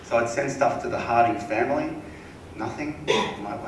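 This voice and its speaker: A man telling a casual, animated sales story at a seminar, acting out the voices of the people in it. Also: medium pitch, moderate pace, background noise. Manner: casual, animated anecdote-telling with acted quotes. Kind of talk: storytelling talk to an audience. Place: seminar room. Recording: echoey hall, mic at a distance.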